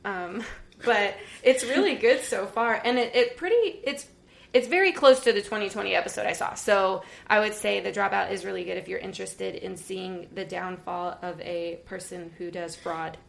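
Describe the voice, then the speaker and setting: Woman, casual podcast co-host, gravelly, animated storyteller. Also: medium pitch, normal speed. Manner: chatty, animated storytelling with laughs. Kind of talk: casual chat.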